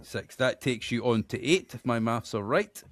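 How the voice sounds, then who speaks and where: A man's voice: mid-range voice, animated, fairly bright tone, no echo. A man from Scotland with a Scottish accent, hosting a podcast quiz in a chatty, self-deprecating way. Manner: chatty, self-deprecating, reads names out slowly. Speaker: quiz host.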